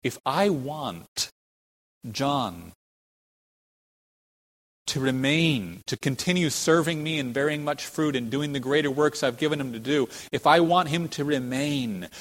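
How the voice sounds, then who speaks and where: A male preacher delivers an expository sermon at an unhurried, deliberate pace, punching single words for emphasis. He often turns to the congregation with rhetorical questions. His voice carries the long reverb of a large church hall. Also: medium pitch, animated, fairly bright tone. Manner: emphatic, rhetorical questions, slow deliberate phrasing with sudden stresses.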